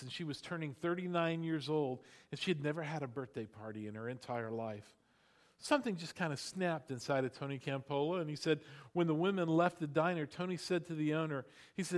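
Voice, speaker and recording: A middle-aged man preaching a sermon in a lively, conversational way, with frequent asides to the congregation. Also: on the high side. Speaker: pastor. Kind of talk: sermon with storytelling.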